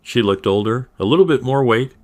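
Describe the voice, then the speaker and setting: A man narrating a first-person story in a steady, even reading style. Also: mid-range voice, brisk.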